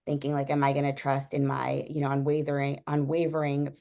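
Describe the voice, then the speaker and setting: A woman's voice: rumbling low, completely flat delivery, a little fast, gravelly, mellow. A young woman telling a personal story in a casual, rambling way, with many fillers and frequent laughs. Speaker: guest sharing a personal story.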